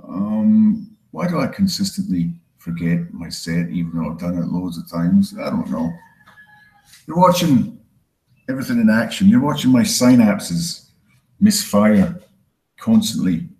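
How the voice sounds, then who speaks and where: A man from Scotland with a Scottish accent softened by years in Canada, performing a rambling, self-deprecating stand-up set and swearing freely. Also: on the low side, lively intonation, a little slow, reverberant, low-quality recording. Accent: Scottish, with some Canadian. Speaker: stand-up comedian.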